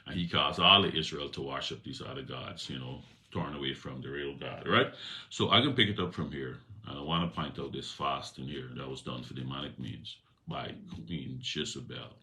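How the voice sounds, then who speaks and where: A man's voice: rumbling low, pushed and bright. A man giving a casual Bible teaching, reading a passage and retelling it in everyday slang. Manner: conversational, retells scripture in slang. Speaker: preacher.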